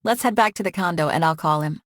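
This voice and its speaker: A woman voicing a sharp, practical young heroine in an audiobook, speaking dry and matter-of-fact. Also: deep voice, fast, no room sound, lightly acted.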